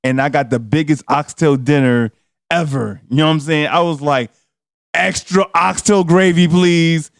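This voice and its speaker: A man, co-hosting a podcast and telling a comedic story in a loud, laughing, slangy way. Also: medium pitch, normal speed, dry recording, clean studio sound. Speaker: podcast co-host.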